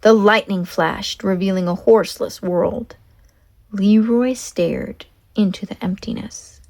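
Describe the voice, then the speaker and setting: Slow, expressive woman storyteller. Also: medium pitch, creaky. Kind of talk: children's read-aloud narration.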